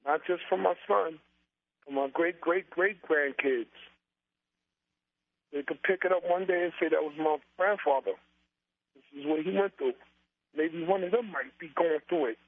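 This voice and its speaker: Brief: man in his 40s, interview guest, high voice, fervent repetitive build-ups, tinny dry line. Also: normal speed, pauses often, no room sound. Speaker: interview guest, comedian and author. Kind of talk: emotional interview talk.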